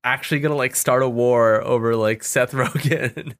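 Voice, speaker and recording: A man at a middle pitch tells stories on a casual podcast, excitable and quick to laugh, swearing freely. The sound is dry and close, with no room around his voice. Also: no room sound. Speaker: podcast co-host.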